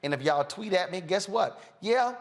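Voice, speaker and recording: A man's voice: high voice, normal speed. Guy hosting his show, blunt and fired up, lots of uh's, aave. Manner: blunt, combative, animated rants with filler "uh". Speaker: host. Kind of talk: outspoken talk show commentary.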